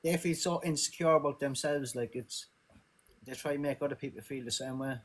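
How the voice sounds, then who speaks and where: A man's voice: mid-range voice, fairly quick. Guy co-hosting a phone live, chatty, keeps hyping the viewers. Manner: chatty, hypes viewers for gifts. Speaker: co-streamer. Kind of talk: casual chat on a phone livestream.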